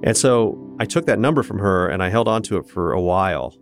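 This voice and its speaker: Interview guest, middle-aged man, very low voice, earnest storyteller, faint music under him. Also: expressive, a little fast. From Kansas, United States. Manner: earnest, candid, with restarts and laughs. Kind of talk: reflective personal storytelling.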